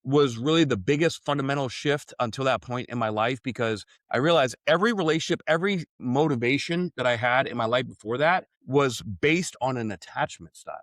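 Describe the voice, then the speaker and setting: A man's voice: medium pitch, fairly quick, few pauses, fairly bright tone, dry recording. A man speaking as a podcast guest, telling his story in an earnest, reflective way, with frequent "like" and "right?" in his casual speech.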